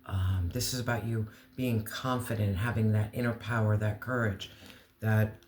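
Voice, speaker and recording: A man giving an earnest, emotional tarot reading, slowing down to stress key words. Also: fairly low pitch, fairly even intonation, roomy sound, a little hiss or hum. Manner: earnest, emotional, slow deliberate emphasis. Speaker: tarot reader.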